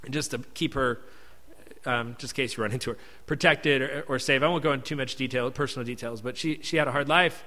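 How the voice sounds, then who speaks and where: A man's voice: medium pitch, fairly even intonation, fast, bright, forceful tone, in a large hall. A male pastor telling a personal story as a sermon in an earnest, conversational way. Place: church sanctuary.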